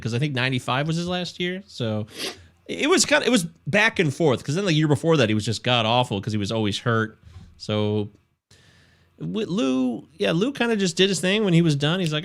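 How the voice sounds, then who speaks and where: A man's voice: fairly high pitch, lively intonation, brisk, gravelly, a bit bright. A man hosting a casual podcast, chatty and self-deprecating, laughing often. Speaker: podcast host.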